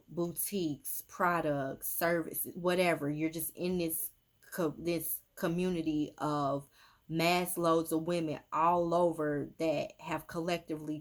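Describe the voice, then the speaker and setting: Woman, casual emphatic medium monologue. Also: deep voice. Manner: emphatic, repetitive, with many fillers. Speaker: spiritual medium. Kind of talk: casual social media monologue.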